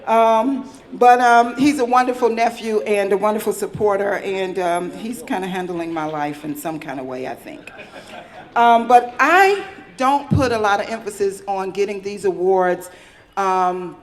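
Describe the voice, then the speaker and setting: Chatty woman giving an acceptance speech. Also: medium pitch. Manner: candid, chatty, with fillers. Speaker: award recipient.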